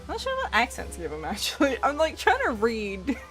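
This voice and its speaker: A woman's voice: a little high, huge pitch swings, fairly quick, a bit bright, faint music behind. A woman streaming a game, chatting casually in a rambling, giggly way as she plays. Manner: rambling, giggly, self-correcting. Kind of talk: casual gameplay commentary.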